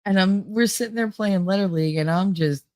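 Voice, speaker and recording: A woman's voice: mid-range voice, fairly quick, darkish tone, dry recording. A woman with a New Jersey accent chatting casually on a livestream, rambling and laughing often, a little nasal from a stuffy nose. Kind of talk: casual chat.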